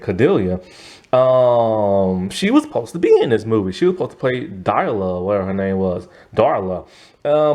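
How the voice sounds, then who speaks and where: A man's voice: medium pitch, a little mellow. A man giving a casual, rambling movie review, full of fillers like "like" and "you know" and breaking into laughs.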